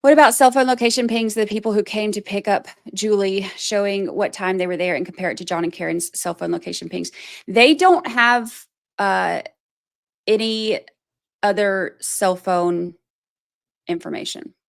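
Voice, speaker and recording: Commenting on a court case during a livestream, a woman speaks at normal speed in a mid-range voice with vocal fry. She reads chat messages aloud, wanders off on tangents, thinks out loud, pokes fun at herself, and fills gaps with "like" and "you know."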